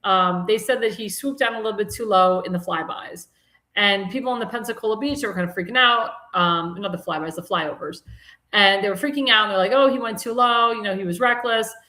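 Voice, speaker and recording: A woman's voice: mid-range voice, fairly quick, bright, forceful tone. A woman hosts a live political talk show in a loose, rambling way, stopping and restarting her sentences. She is mocking and indignant toward politicians. Her voice sits in a middle range and carries the echo of a reverberant room. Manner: chatty, rambling, with frequent restarts and fillers. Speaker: host.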